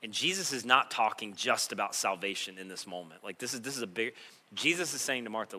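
A male pastor preaching a sermon, moving between quiet reflective passages and loud, impassioned stretches. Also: on the low side, quick pace.

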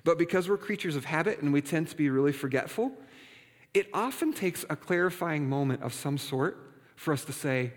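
A man's voice: fairly high pitch, animated, brisk. Man preaching in a reverberant hall. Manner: conversational, playful asides to congregation. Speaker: pastor. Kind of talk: sermon.

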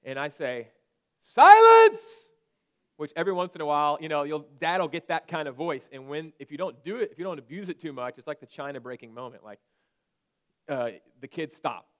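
A man in his thirties preaching a conversational sermon and at times breaking into sharp shouted commands. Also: on the high side, fairly quick. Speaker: pastor.

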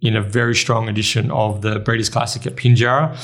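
An Australian man co-hosting a racing podcast, running through race form briskly. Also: fairly low pitch, level tone, fairly bright tone. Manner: brisk, runs through form in quick bursts. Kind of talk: casual race preview chat.

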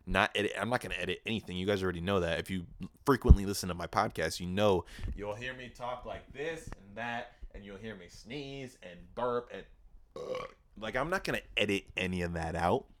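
Young guy doing a solo podcast rant, deep voice, swears a lot, dry close mic. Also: a little fast, no room sound. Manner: profane, animated storytelling with mock quotes. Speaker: podcast host. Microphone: podcast microphone.

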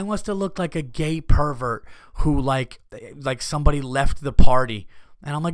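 A man's voice: a little high, moderate pace, dry recording. A man hosting a comedy podcast, telling stories in a casual, profane way and acting out his own outbursts. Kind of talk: casual storytelling monologue.

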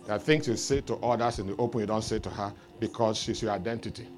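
A man preaching a sermon, telling a story with lively rises into loud exclamations. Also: lowish voice, fast talker. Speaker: pastor.

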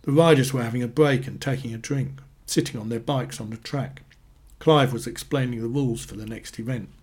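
Casting: a male reader of short stories, husky, deadpan delivery. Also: medium pitch, fairly quick. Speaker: narrator. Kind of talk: reading short stories aloud.

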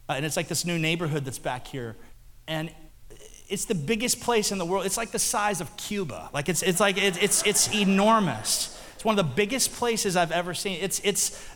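A middle-aged man preaching a sermon as a pastor, telling jokey stories and bantering with the congregation. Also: sits high. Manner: animated, joking storytelling with the congregation. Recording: long hall reverb, faint music.

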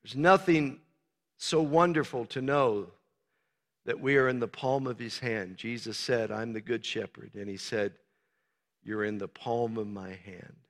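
A man preaching a sermon as pastor, swinging from soft, low talk to loud, emphatic shouting. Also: measured pace. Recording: long reverb of a large hall.

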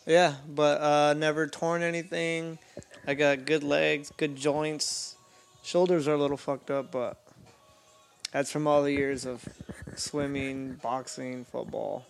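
Casting note: male co-host, gravelly fry, slightly high pitch, blunt and laid-back. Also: flat delivery, slow pace, soft background music. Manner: blunt, short remarks, casual swearing. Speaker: podcast co-host. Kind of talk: casual chat.

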